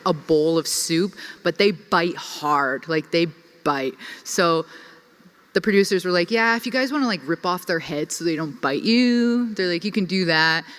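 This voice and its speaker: A young woman telling a personal story to a conference audience, chatty and full of "like". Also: lowish voice. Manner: lively, chatty, filler-heavy with frequent "like". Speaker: conference speaker. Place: conference hall. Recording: reverberant hall.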